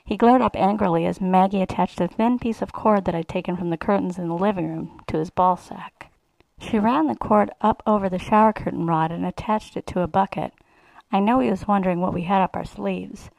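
A woman's voice: medium pitch, a little fast, vocal fry, darkish tone, no room sound, low-quality recording. A woman reading a first-person erotic story aloud in a sly, relishing way. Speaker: reader.

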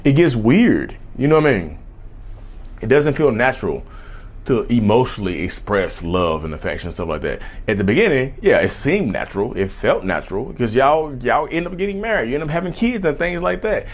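A man talking casually to camera in a vlog, animated, addressing viewers as "y'all" and slipping into mocking voices. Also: medium pitch, fairly quick. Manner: loose conversational speech, says "y'all" often. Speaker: YouTube host.

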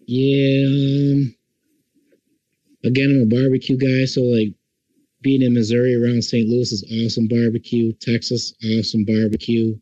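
A man's voice: mid-range voice, flat delivery, moderate pace, mellow, dry recording, muffled recording. A man chatting casually as a podcast guest, easygoing and enthusiastic, saying "like" a lot. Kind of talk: casual chat.

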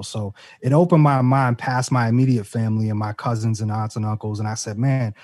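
Rapper guest, low voice, earnest and reflective, dry mic. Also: male voice, darkish tone, dry recording. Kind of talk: casual interview.

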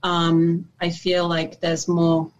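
Reflective woman actor, halting. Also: lowish voice, completely flat delivery, lo-fi sound. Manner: reflective, halting with many restarts and fillers. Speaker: interview guest, actor. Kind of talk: casual interview chat.

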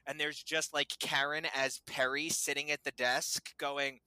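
A man's voice: on the high side, flat delivery, a little slow, sharp tone, clean tone, dry recording, low-quality recording. A man hosting a podcast interview, talking with gushing enthusiasm and laughing often. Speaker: podcast host. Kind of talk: excited casual interview chat.

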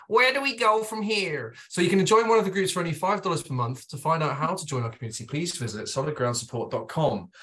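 A man's voice: on the high side, a bit bright. A man co-hosting a live stream, reading a show blurb aloud in a wry, uneven way. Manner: wry, reads quickly and unevenly. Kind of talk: joking read of a show blurb.

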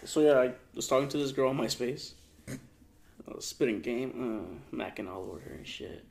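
A man's voice: mid-range voice, lively intonation, moderate pace, vocal fry, darkish tone. Laid-back young man, casual chat. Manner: laid-back, short backchannel replies. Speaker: podcast co-host.

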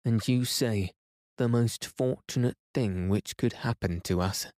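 A man voicing a frightened young explorer who pleads in agitated questions, in a soft reading voice. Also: medium pitch, measured pace, no echo, studio quality, natural voice. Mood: alarmed.

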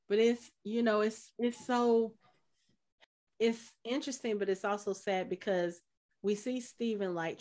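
Woman co-host, casual TV recap, animated delivery, mid-range voice. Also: medium pitch. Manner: animated, acts out character quotes. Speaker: podcast co-host. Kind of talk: casual episode recap chat.

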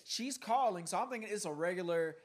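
A young man co-hosts a casual chat, spinning playful stories. His voice swings widely in pitch as he gets animated. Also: brisk. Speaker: podcast co-host.

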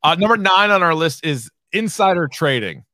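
A man's voice: on the high side, very animated, moderate pace, sharp tone, no echo. Laid-back man on a dry mic. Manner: laid-back, swearing, laughs often. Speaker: podcast co-host. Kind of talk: casual comedy chat.

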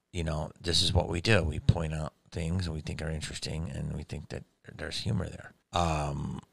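A man's voice: deep voice, creaky, a bit bright, no echo. A man in his fifties delivering a profane, rambling comedic monologue.

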